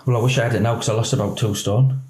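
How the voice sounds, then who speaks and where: Talking very fast in a mid-range voice, a middle-aged police officer candidly recounts events during a podcast interview, acting out every quoted voice with gusto. The room is echoey and there's background noise.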